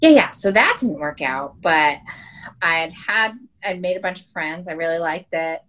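A woman's voice: on the low side, expressive, unhurried, fairly bright tone, lo-fi sound. A woman in her thirties from Wyoming, telling stories in a casual podcast chat with lots of "like" and "um.". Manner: chatty storyteller, many "like" and "um" fillers. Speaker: podcast guest.

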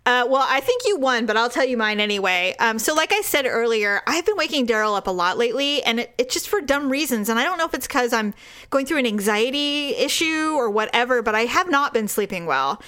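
High-voiced woman rambling through a story. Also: lively intonation, fairly quick, bright, forceful tone, smooth. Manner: rambling storytelling with frequent laughs. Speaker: podcast co-host. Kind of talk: casual chat.

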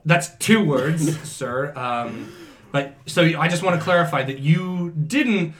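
A man's voice: a little high, animated, slow, slight background noise. A man improvising a comedy sketch in a hesitant, stammering, playful way. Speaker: comedy podcast host.

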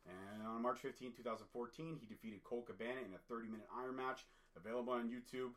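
A man's voice: medium pitch, steady tone, quick pace, fairly bright tone. A man from Canada hosting a casual podcast, reading through facts with jokey asides. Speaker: podcast host.

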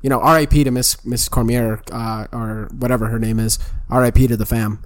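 A man's voice: mid-range voice, fairly even intonation, brisk. A young man co-hosting a podcast, telling loose, profane stories and saying "bro" and "dude". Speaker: podcast co-host. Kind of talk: casual chat.

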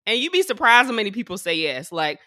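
A woman hosting a podcast in casual chat, animated and profane, laughing often. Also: medium pitch, fast talker, no room sound, studio quality. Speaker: podcast host. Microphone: video call.

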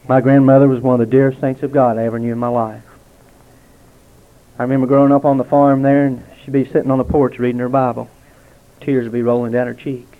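A man giving a heartfelt spoken testimony to a gathering at a restaurant, telling stories with dramatic pauses. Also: medium pitch, flat delivery. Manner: earnest, storytelling with dramatic pauses. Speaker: lay speaker giving testimony. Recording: tinny, narrow-band lo-fi recording.

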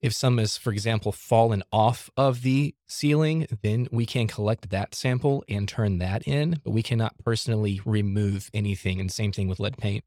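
A man's voice: lowish voice, moderate pace, few pauses, darkish tone, dry recording, clean studio sound. A man who works as a home inspector, answering questions in a casual podcast interview in a practical, easygoing way.

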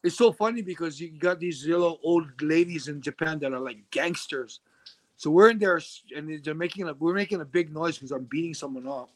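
A middle-aged man telling a story in a casual interview, animated and acting out the voices of the people he quotes. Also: a little high, brisk. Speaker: interview guest.

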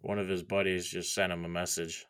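A man's voice: sits low, little pitch movement, a little fast, a bit bright, smooth, dry recording, studio quality. A young man chatting casually, blunt and profane, with an exasperated edge. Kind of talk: casual chat.

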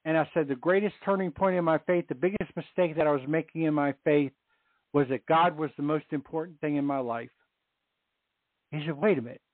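A man's voice: a little high, fairly even intonation, fairly quick, no room sound. Middle-aged man, earnest faith testimony, repeats himself for emphasis, heard over a phone line. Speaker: guest on a Catholic radio show.

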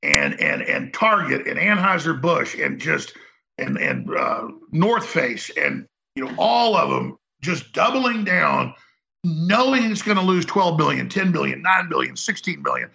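A talk radio host delivering a heated, rambling, emphatic monologue. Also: male voice, a little high, big pitch swings, a little slow, creaky, pushed and bright, dull audio.

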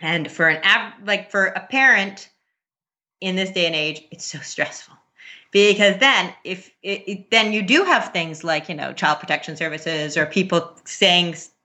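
Bright-voiced woman talking parenting. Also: fairly low pitch, measured pace. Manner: earnest, laughs often, many restarts. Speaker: parent guest. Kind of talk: casual podcast chat.

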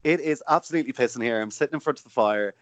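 A man hosts a podcast from his home, talking in an upbeat, chatty way and swearing casually. His voice sits at a middle pitch. He runs through the conversation with easy enthusiasm. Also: very fast, lo-fi sound. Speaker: podcast host. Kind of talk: casual chat. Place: home, by a fire.

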